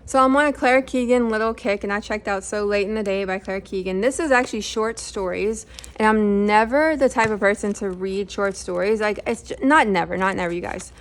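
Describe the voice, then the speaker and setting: Speaking fairly quickly at a medium pitch, a middle-aged woman runs a book channel and talks loosely about the books she's read. The chat is casual and rambling, full of fillers and moments where she corrects herself.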